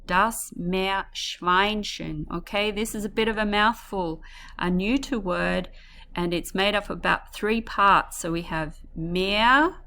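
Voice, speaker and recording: A woman teaching a German lesson to pupils, slowly modelling each word and cheering them on. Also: medium pitch, bright, forceful tone, a little hiss or hum. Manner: slow, drawn-out modelling of words for repetition; encouraging, addresses pupils as guys. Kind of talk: classroom language lesson.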